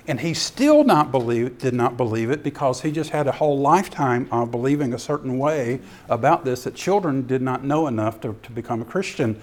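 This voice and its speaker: A man giving a sermon-style ministry talk as an animated storyteller who acts out scenes. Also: mid-range voice, normal speed, few pauses. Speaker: ministry speaker.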